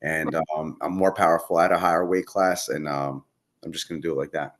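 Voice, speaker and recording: A man's voice: a bass voice, steady tone, a little fast, a bit bright. A man chatting casually as a podcast guest, telling a rambling story and swearing often. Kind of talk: casual chat.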